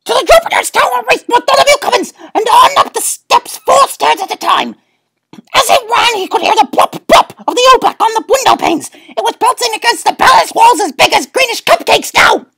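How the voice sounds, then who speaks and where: A woman reading a picture book aloud with animated, breathless storytelling. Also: extremely high pitch, fairly quick, vocal fry. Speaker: reader.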